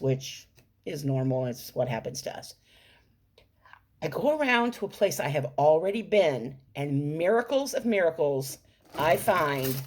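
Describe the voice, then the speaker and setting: Lively, husky-voiced woman vlogger. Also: fairly low pitch. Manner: animated, enthusiastic, playful. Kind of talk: storytelling vlog.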